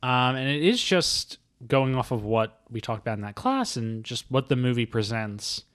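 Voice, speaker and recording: A man's voice: medium pitch, sing-song, a bit bright, clean tone. Enthusiastic man hosting a film podcast. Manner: enthusiastic, acts out film characters in quick voices. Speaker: podcast host. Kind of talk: casual film podcast chat.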